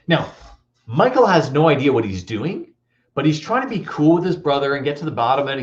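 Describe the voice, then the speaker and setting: A man giving a motivational talk, telling comic stories in an animated, playful way. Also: a little high, brisk, dull audio. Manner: animated storytelling, playful and teasing. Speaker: motivational speaker.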